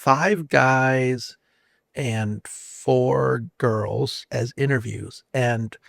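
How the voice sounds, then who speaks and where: A man hosts a relaxed podcast interview, laughing easily and stumbling into quick restarts. His voice sits at a middle pitch and sounds dry and close to the mic. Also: creaky, no room sound. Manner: playful, laughs often, halting restarts. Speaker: podcast host. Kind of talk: casual interview chat.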